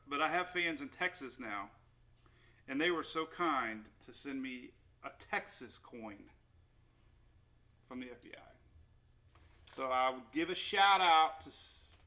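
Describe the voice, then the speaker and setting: Speaking into a new desktop microphone, a man with a bright, forceful, somewhat high voice hosts a laid-back weather livestream. He chats with viewers in a rambling, cheerful way.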